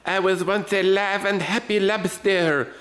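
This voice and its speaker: A melodramatic lobster voiced by a man mourns in a deliberately awful fake French accent. The voice sits higher than a normal man's, and he stretches his words out slowly and self-pityingly. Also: fairly even intonation, fairly bright tone. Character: doomed cooked male lobster with a bad French accent.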